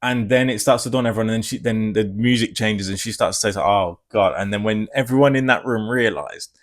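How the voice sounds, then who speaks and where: A man giving a casual spoiler review, rambling and excitable, swearing freely. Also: lowish voice, fast talker. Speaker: film reviewer.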